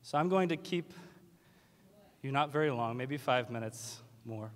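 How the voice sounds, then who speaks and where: A man's voice: mid-range voice, expressive, measured pace. A man from West Virginia, a teacher giving a graduation speech with wry, self-deprecating humor. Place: large hall at a graduation ceremony. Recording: long hall reverb.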